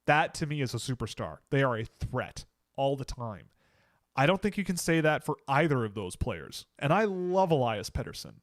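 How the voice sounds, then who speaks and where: A Canadian man at a middle pitch, talking casually on a livestream. He thinks aloud and restarts sentences as he answers chat questions. The sound is dry and close, with no room behind it. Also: sing-song, moderate pace, no room sound.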